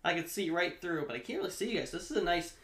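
Male podcast co-host, brightish and a bit high, loose and profane, echoey room. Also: expressive, quick pace. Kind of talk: casual beer-tasting banter.

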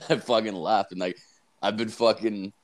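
A man's voice: fairly low pitch, fairly even intonation, unhurried. A young man co-hosting a casual podcast, swearing constantly and laughing as he acts out stories. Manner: profane, laughing storyteller acting out exchanges. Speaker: podcast co-host.

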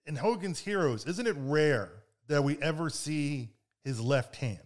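A man in casual conversation, asking measured, thoughtful questions. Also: fairly high pitch, animated. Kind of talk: casual chat.

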